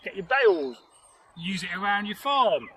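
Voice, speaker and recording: Out in nature, this storyteller host spins a folktale in a high, sing-song, fairly bright voice at a normal pace. He's jokey and rambling, peppered with "you know," and the recording is rough.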